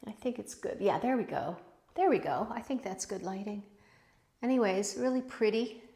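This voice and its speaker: A woman's voice: medium pitch, animated, normal speed. A woman vlogging about her pottery in a casual, rambling, chatty way, breaking off mid-sentence and picking the thread back up. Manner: rambling, chatty, self-interrupting, warmly emotional. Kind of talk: casual chat.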